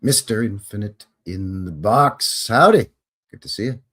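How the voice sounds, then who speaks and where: A man's voice: fairly low pitch, lively intonation, measured pace, a bit bright. Wry man reading history with asides. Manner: wry, sarcastic ad-libs between read passages; self-correcting, chatty. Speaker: live show host.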